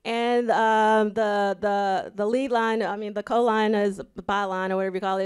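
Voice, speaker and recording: A woman's voice: medium pitch, steady tone, moderate pace, hardly any pauses, darkish tone, clear, resonant tone. A woman with an Alabama accent, a podcast host at a live event, chatting casually and reading old clippings aloud with her own asides.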